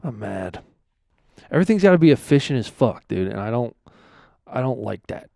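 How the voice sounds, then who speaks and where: A man's voice: medium pitch, big pitch swings, normal speed, gravelly, dark tone. A man hosting his own podcast, talking casually and rambling, often swearing as he vents. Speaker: podcast host.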